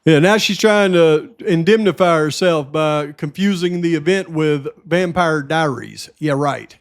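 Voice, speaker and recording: High-voiced man giving emphatic commentary. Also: a little slow. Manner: emphatic, repeats points, talks straight to viewers. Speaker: true-crime channel host. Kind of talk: casual case commentary.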